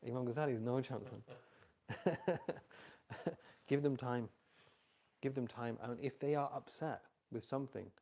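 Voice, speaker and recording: A middle-aged man speaks to a live audience in a relaxed, conversational way, often asking listeners to repeat his point back to him. His voice sits at an everyday pitch but has a gravelly, creaky edge. It is also a little husky. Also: brisk, pauses often. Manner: storytelling with animated quoted voices. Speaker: speaker giving a talk on parenting. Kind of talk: informal religious talk.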